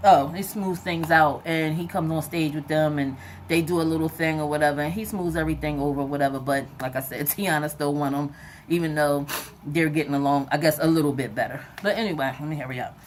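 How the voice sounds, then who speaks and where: A woman's voice: sits low, brisk, a little hiss or hum. Chatty woman recapping a TV episode. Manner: chatty and animated, acts out characters' lines; frequent fillers like "like" and "whatever". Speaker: TV episode reviewer.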